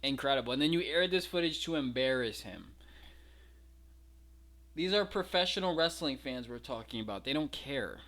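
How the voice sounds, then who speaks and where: A man's voice: fairly high pitch, sharp tone. A man giving a casual, incredulous breakdown of fight footage, mocking and swearing freely. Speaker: wrestling commentary vlogger.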